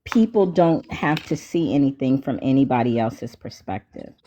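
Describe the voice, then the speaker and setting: A woman host in casual chat, telling stories in an animated way and talking straight to her listeners. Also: a bass voice, moderate pace, a little hiss or hum. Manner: animated storyteller, addresses listeners as y'all. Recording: dull lo-fi audio.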